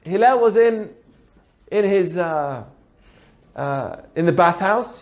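A man hosting a podcast and telling a teaching story in an animated, conversational way, often asking the listener questions. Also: high-pitched, slow pace, pauses often. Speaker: podcast host. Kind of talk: casual storytelling lesson.

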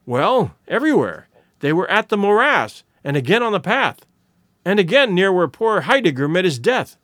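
A man voicing a plain, steady male companion who gives short, hesitant replies in an audiobook reading. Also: high voice, normal speed, dry recording, studio quality. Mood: puzzled.

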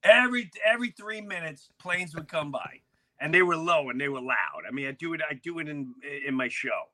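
A man hosting a podcast, spinning stories in a casual, animated way, often stumbling and restarting mid-sentence. His voice is very bright and sharp and sits a little high for a man. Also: brisk. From grew up in a city neighborhood near an airport. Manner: animated, with many restarts and acted-out quotes. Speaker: podcast host. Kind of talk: casual storytelling chat.

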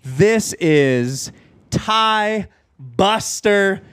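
Animated, jokey young man hosting a podcast. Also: high-pitched, extremely slow, clean tone. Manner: jokey, animated, laughs often. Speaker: podcast co-host. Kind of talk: casual chat.

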